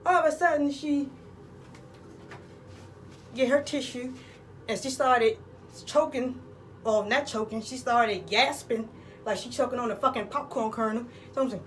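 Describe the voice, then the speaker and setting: Brash, crude woman storyteller, pitched a touch high, faint outdoor noise. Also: moderate pace, recorded from a distance, poor audio. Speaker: comedic vlogger. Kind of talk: profane comedic storytelling. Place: outdoors in the cold.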